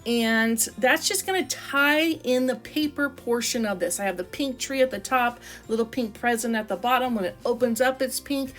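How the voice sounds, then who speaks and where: In a casual craft chat, a woman vlogger pages through her craft book and explains how she builds each page, full of enthusiasm and frequent "I love" and "like." Her voice is on the high side and a bit bright, her pace moderate with hardly any pauses, and soft background music plays.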